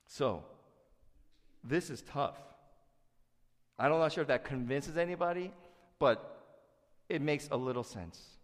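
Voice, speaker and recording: Animated male preacher in a reverberant hall. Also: mid-range voice, takes it slowly, long pauses. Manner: animated, asks the congregation to respond. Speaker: pastor. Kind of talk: sermon.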